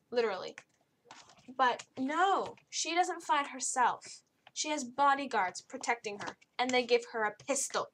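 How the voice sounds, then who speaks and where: A young woman talks through a book review in a loose, rambling way, restarting sentences as she goes. Her voice sits a little high, and her tone is blunt and exasperated. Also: sharp tone, slight background noise. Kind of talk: casual spoken review.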